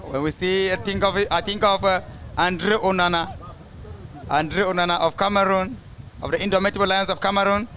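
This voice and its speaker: A man's voice: high voice, a bit bright. A man doing rambling live play-by-play for an outdoor soccer match, drifting into asides about famous players. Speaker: soccer commentator.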